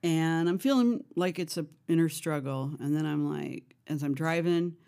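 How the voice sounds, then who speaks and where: Middle-aged woman guest, frank and emotional, with a gravelly edge. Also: deep voice, normal speed, dark tone. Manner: frank, emotional, laughs at herself. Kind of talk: candid conversational storytelling.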